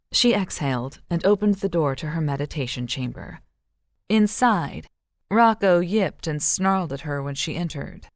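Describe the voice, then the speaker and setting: Woman, audiobook narration, low voice, dry close sound, measured. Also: no room sound.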